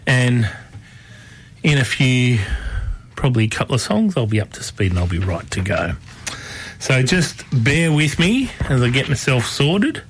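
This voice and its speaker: A man hosting a radio show, chatting casually and rambling with plenty of fillers and restarts. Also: mid-range voice.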